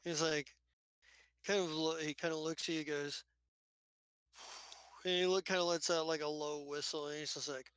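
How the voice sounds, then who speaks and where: A man's voice: a little high, fairly even intonation, normal speed, long pauses, a bit bright, clear, resonant tone, no room sound, low-quality recording. A man narrating a tabletop game as game master, rambling with many restarts.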